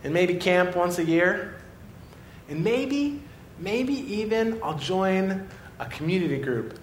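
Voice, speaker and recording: Animated man preaching in an echoey hall. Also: takes it slowly. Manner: animated storytelling, swings between excited and quiet. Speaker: pastor. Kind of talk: sermon. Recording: echoey room with faint rumble.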